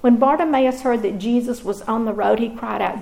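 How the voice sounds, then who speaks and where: Brief: woman Bible teacher, slightly high voice with gravelly fry, measured devotional telling. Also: darkish tone, poor audio.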